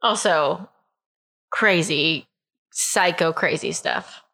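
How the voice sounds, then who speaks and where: A woman co-hosting a podcast, reacting to a friend's story with expressive, incredulous comments. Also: on the low side, extremely slow, creaky. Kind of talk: casual chat, reacting to a story.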